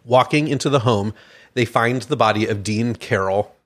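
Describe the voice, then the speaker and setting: A man's voice: medium pitch, normal speed, a bit bright. A man co-hosting a true crime podcast, reading out a case story with casual asides and stumbling over names. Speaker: podcast co-host.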